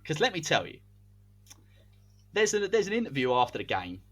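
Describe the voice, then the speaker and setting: Here a slightly husky-voiced man co-hosts a casual podcast, playfully calling an invented football season as though it were unfolding live. At a moderate pace, his animated delivery sends his pitch up and down as he builds the story.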